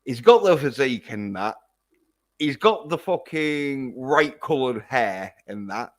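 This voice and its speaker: A man talks at an unhurried, slow pace in a mid-range voice. He rambles through a casual livestream film review. He swears freely and often. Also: mid-range voice, animated. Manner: rambling and heavily profane.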